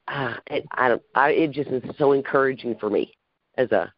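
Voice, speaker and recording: A man's voice: mid-range voice, normal speed, no echo. An earnest man hosts a podcast conversation, talking things through in a reflective, chatty way. His voice is recorded dry and close, with a slightly dull, muffled top end. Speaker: podcast host. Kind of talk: casual interview chat.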